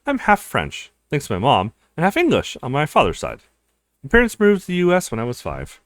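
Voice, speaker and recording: A man's voice: on the high side, wildly swooping pitch, brisk, no echo, clean studio sound. A man voicing an easygoing, chatty young male law student in a visual novel. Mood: friendly. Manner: friendly and chatty.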